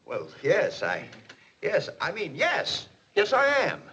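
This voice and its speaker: An actor playing an excitable, blustering company boss in a 1940s film comedy, swinging from stern to giddy. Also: male voice, high voice, slow, slightly rough, exaggerated voice. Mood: flustered. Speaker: businessman, the boss. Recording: muffled 1940s film soundtrack with hiss.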